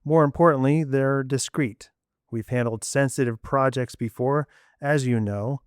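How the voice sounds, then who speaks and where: An actor playing a discreet male academic team leader, speaking in a calm, reassuring and measured way. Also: mid-range voice, clear, resonant tone, no room sound, clean studio sound, natural voice. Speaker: student reader. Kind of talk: amateur story reading.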